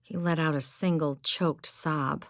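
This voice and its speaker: Low, gravelly woman audiobook narrator. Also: fairly even intonation, unhurried, dry recording, clean studio sound. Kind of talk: scripted narration. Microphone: close studio mic.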